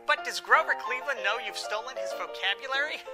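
A man's voice: very high voice, animated, fast talker. Man playing a sarcastic heckler over music. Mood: mocking. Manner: mocking, exaggerated comic delivery. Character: heckling skeptic-baiter, sarcastic, theatrical, male. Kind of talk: comedy sketch.

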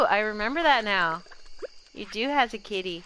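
Bright-voiced woman streaming a farming game. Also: medium pitch, animated, normal speed, a little hiss or hum. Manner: chatty, gushing over baby animals, talks to chat and her pets. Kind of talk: casual gameplay commentary.

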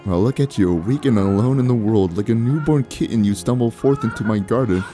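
Old witch woman, as a man puts her on, sly, hushed, teasing, warm mellow tone. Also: lowish voice, fairly quick, faint music behind, lightly acted. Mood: mocking. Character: cryptic old female witch, sly and menacing. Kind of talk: voicing game dialogue.

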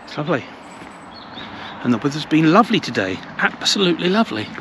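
A very animated English man with a voice on the high side speaks fast while vlogging a casual walk through a village. The travel vlogger rambles chattily and repeats his words, with traffic clearly audible in the outdoor recording.

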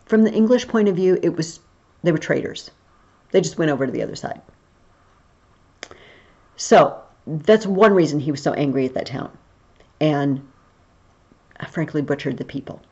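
A woman's voice: on the low side, darkish tone, lo-fi sound. A woman history teacher talking through a recorded video lesson in a chatty, explaining way.

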